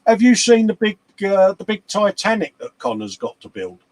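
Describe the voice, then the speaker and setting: A high-sitting voice with big pitch swings belongs to a man in his 40s co-hosting a live model-building chat show at a moderate pace. He jokes around, laughs a lot, reads comments from viewers, and calls everyone mate.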